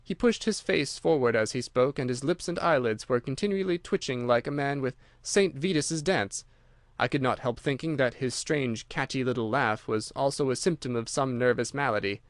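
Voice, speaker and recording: Male audiobook narrator, mid pitch, measured delivery, dry close recording. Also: dry recording. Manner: measured, steady storytelling. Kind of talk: scripted narration.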